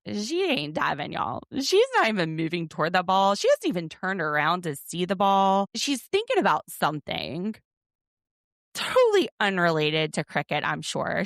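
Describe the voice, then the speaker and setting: Her voice is fairly low, with vocal fry and a fairly bright tone, recorded in studio quality with no echo. She's a podcast host from the United States in her thirties, delivering a chatty, wry, casual recap laced with self-deprecating asides.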